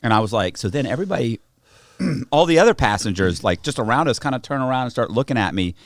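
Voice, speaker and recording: Man, podcast guest, rambling storyteller, lively rising and falling voice, close dry studio sound. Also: mid-range voice, fast, no room sound. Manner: rambling anecdotes with many restarts and slang. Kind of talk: casual storytelling chat.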